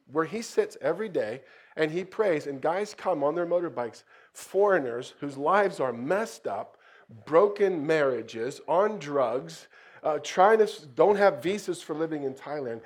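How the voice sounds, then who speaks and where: A middle-aged man, a missionary pastor, telling a story in a sermon, lively and swinging into louder bursts. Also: fairly high pitch.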